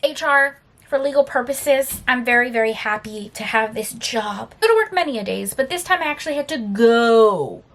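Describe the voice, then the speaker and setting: A young adult woman chatting casually as a book vlogger, tired but animated, telling stories with sassy, emphatic asides. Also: sits high, fairly quick.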